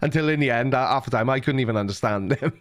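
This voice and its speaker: A man's voice: mid-range voice, fast. A Welsh man hosting a live stream, chatting casually with a caller and telling stories with frequent laughs. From Wales. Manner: chatty storyteller, laughs often. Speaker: livestream host.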